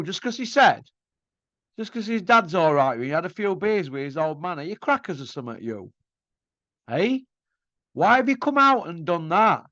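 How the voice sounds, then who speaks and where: A combative boxing commentary host rants through an opinion monologue, mocking and firing off rhetorical questions. His voice is a little high and fairly bright, with no room sound, and the recording is dull, dry and lo-fi.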